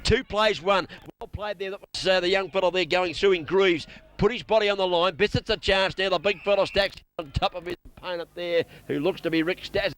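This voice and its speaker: Excitable high-voiced Australian football caller. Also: male voice. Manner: excitable, rapid play-by-play calling. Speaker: play-by-play commentator. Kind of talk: local football commentary.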